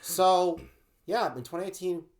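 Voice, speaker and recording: A man co-hosting a casual vlog, telling a story and getting loud and animated when he replays his own frustration. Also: high voice, a little slow. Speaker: co-host of a web show vlog.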